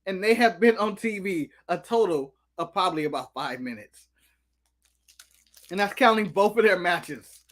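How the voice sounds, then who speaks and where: High, bright-voiced American man ranting. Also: moderate pace. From United States. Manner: animated ranting, snacking while talking. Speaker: co-host. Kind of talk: casual live-stream chat.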